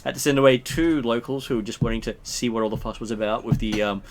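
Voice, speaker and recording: A man running a tabletop game as game master, relaxed and hesitant, with frequent filler pauses. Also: mid-range voice, crowd noise. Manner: relaxed, hesitant with many ums.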